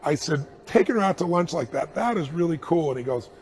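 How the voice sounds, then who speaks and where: A middle-aged man telling a personal anecdote in an interview, animated and chuckling as he acts out the dialogue. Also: a little high, fast. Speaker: interview guest.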